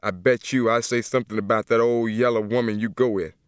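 A man's voice: mid-range voice, fairly even intonation, a little fast, clean tone, no echo, studio quality, close to an everyday voice. A man voicing a sullen, bitter young male prisoner who taunts in clipped rural dialect, in an audiobook reading. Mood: taunting.

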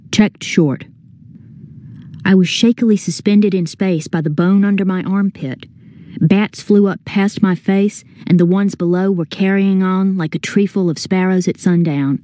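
Mellow, low-voiced woman narrating a story. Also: no room sound, studio quality. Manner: measured, earnest first-person telling. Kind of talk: audiobook narration.

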